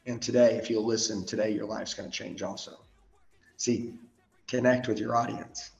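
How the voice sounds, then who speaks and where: A man coaching on public speaking in a motivational training talk, firing off short repeated commands with occasional swearing, swinging between loud fired-up bursts and slow, quiet emphasis. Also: fairly low pitch, level tone, creaky, reverberant, highs cut off.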